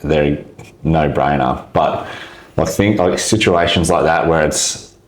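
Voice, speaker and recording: A man's voice: rumbling low, measured pace, reverberant. A man hosting a podcast, giving short backchannel replies and asking loose, rambling questions. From Australia. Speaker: podcast host. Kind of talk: casual interview chat.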